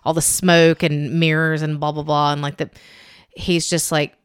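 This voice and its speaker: A woman's voice: low-pitched, flat delivery, moderate pace, smooth, no echo, clean studio sound. A woman, co-hosting a podcast and telling a rambling, chatty story full of "like" and acted-out quotes. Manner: rambling, chatty, heavy use of "like", acts out quotes. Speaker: podcast co-host. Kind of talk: casual chat, storytelling.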